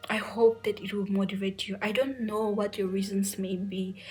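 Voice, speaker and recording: Soft-spoken young woman, tearful and flat. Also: mid-range voice, slightly rough, low-quality recording. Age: young adult. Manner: soft-spoken, often near a whisper, many fillers. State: tearful, emotional. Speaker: medical entrance exam aspirant sharing her story. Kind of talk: emotional personal storytelling.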